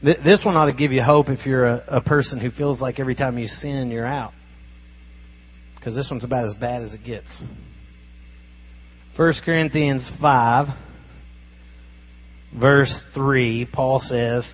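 A man's voice: medium pitch, unhurried, breathy edge, dull audio. A man preaching a sermon in a conversational, emphatic way, asking his listeners rhetorical questions. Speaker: pastor.

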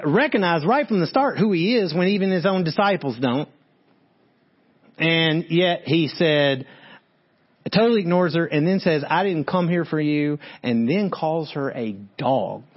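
Male preacher, lively, slightly high voice, lo-fi sound. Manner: animated, talks straight to listeners, reads verses then comments. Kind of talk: sermon on a Bible passage. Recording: dull lo-fi sound.

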